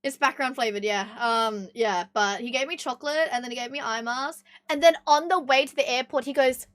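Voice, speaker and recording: A young Australian woman with a high voice chats casually on stream, animated and quick to swear while she plays out the voices in her stories. The sound is dry and close, with no room around it. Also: no echo. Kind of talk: casual stream chat, storytelling.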